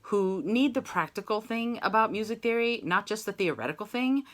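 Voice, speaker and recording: A woman's voice: medium pitch, expressive, normal speed, a bit bright. A woman singing teacher with a mezzo voice, chatty and encouraging as she leads an online voice lesson and sings short demo phrases. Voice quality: mezzo-soprano voice.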